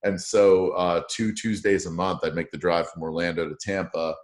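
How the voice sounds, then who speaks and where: Man, radio morning host, very low voice, profane and jokey storyteller, casual interview chat. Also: moderate pace. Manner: profane, joking, animated storyteller.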